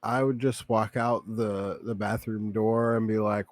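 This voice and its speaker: A man's voice: lowish voice, steady tone, a little slow, no echo. A man playing in a tabletop game, chatting casually in a rambling, jokey way. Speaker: player.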